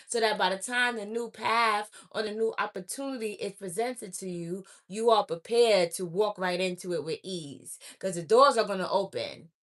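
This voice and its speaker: A woman speaking straight to her viewers as an oracle reader, blunt and preachy, scolding them and repeating her points. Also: medium pitch. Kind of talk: direct-to-camera spiritual message.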